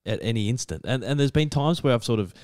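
A man's voice: medium pitch, fast talker, dry recording, clean studio sound. A young Australian man on a casual podcast, telling stories eagerly with lots of fillers and restarts. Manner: excitable storyteller, many fillers and restarts. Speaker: podcast co-host.

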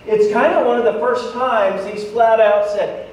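A man, a pastor, preaching a sermon in a lively way, breaking off for jokes with the congregation. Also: high-pitched, measured pace, few pauses, far from the mic. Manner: lively, joking asides to the congregation. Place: church sanctuary. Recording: echoey church hall, voice from afar, faint noise.

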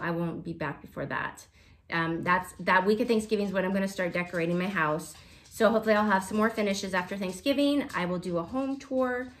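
Chatty woman vlogging about cross-stitch. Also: medium pitch. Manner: chatty, rambling, laughs often. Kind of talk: casual chat to viewers.

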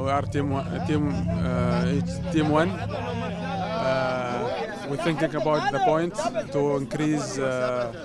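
A man, a boat racer, giving a short post-race interview in slow, halting English with many fillers. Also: medium pitch.

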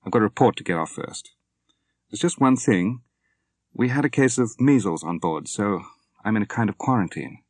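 A polite young naval officer, crisp and dutiful, as a male narrator voices him close to his own low voice. The audiobook sound is dry and close. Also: lively intonation, normal speed, no room sound. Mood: affectionate.

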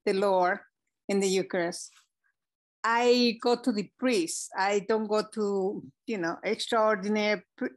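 A woman's voice: medium pitch, fairly even intonation, a little slow. A woman on a prayer call asking the host a question, earnest and searching for her words. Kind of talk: conversational question.

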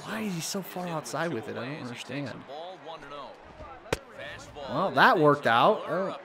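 A man casually commenting on his own baseball video game as he plays, swearing and yelling at bad pitches, then talking himself back to calm. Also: a little slow, pauses often, crowd noise. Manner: swears and yells in bursts of frustration, then talks himself calm. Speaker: gaming video creator.

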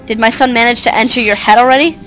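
A woman reading out an ancient, scornful mother of darkness in a game, haughty and mocking. The voice is fairly high. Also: quick pace, fairly bright tone, faint music behind, natural voice, poor audio. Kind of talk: reading game dialogue aloud.

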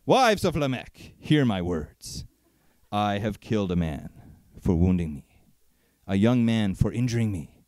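A man voicing a boastful, vengeful ancient man, speaking slowly in a grave, booming chant. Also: sing-song, a little mellow, dry recording, clean studio sound.

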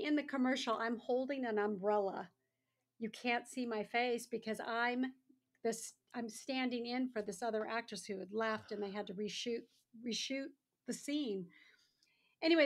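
On a podcast, a sixty-something woman with a somewhat high voice shares casual stories as a guest. Her telling is lively, and whenever she quotes someone she performs their lines in their voice.

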